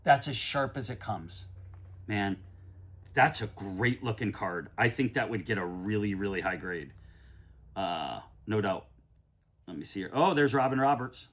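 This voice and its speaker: A middle-aged man from the United States, rambling casually through a card-break vlog and often breaking into excited shouts. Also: lowish voice, a little slow, breathy edge. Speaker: card collector opening packs.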